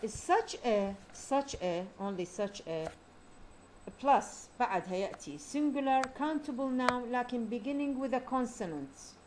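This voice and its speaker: A woman teaching an English grammar lesson, explaining points and repeating key terms slowly. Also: on the high side, a little mellow, slight background noise.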